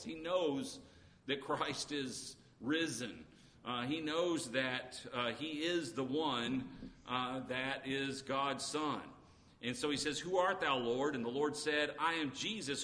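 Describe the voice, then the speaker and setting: A man's voice: on the high side, fairly bright tone. A man preaching an earnest sermon, reading scripture aloud between his own explanations, with frequent "uh" fillers. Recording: long reverb, faint background noise.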